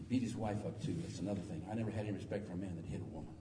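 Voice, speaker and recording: Folksy middle-aged preacher in an echoey hall. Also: male voice, deep voice, quick pace. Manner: folksy, joking, animated storytelling. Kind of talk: sermon. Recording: echoey hall, distant mic, faint noise.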